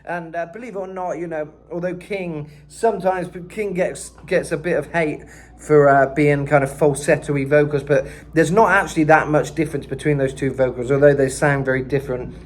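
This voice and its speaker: A man giving a casual vocal lesson, chatting about singers' tones and breaking into gritty high sung and screamed demonstrations. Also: fairly even intonation, normal speed, slight background noise. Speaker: vocal coach.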